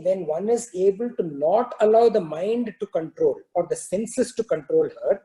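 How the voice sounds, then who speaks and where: A man's voice: sits high, dark tone, poor audio. A man giving a spiritual teaching, explaining terms and telling a parable in a loose, filler-filled storytelling way. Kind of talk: scripture talk with a parable.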